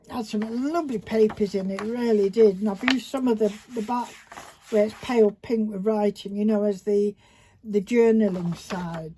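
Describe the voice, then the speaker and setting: A woman with a warm, medium-pitched voice demonstrates a paper craft project in a casual tutorial chat, rambling and talking to herself as she works. Recorded on a phone camera at an indoor craft table, the clip has faint background noise and paper crinkling.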